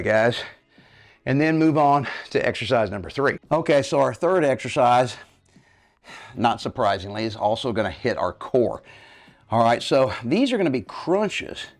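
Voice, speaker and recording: A man in his fifties leading a home workout, getting out of breath while he demonstrates the moves and checks in with his viewers. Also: mid-range voice. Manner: coaching, checks in with "okay, guys?". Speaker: fitness coach. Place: home living room.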